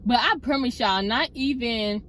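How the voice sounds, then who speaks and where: A woman chatting in a car, telling a story straight to her viewers in a casual, expressive way. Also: on the high side, normal speed, slight background noise. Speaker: storytime vlogger.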